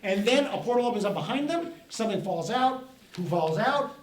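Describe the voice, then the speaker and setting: Animated man telling stories in an echoey room. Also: high-pitched, brisk. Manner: animated, playful storytelling. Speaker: comics author presenting. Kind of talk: storytelling presentation to children. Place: festival event room. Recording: echoey room, speaker far from mic, faint noise.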